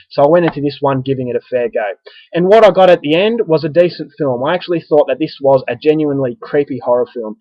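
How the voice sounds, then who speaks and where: An Australian man giving a casual spoken film review, talking conversationally with frequent pauses and restarts. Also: on the high side, dry recording, muffled recording.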